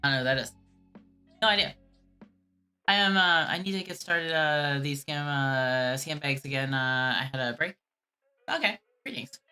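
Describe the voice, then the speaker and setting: A woman chats casually with her live-stream audience in a low, bright-edged voice. She hesitates often and trails off. Faint music plays behind her. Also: normal speed, long pauses, clear, resonant tone. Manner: hesitant, trailing off with many fillers.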